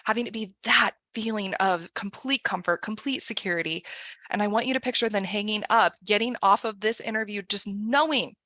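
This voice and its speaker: A woman career coach leading a guided visualization, upbeat, often acting out excited inner thoughts. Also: medium pitch, brisk, dry recording.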